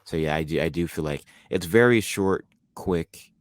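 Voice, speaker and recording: Deep-voiced and speaking at normal speed, a man co-hosts a podcast, recorded with clean studio sound and no room ambience. He enthusiastically and casually reviews a horror film, rambling and frequently restarting.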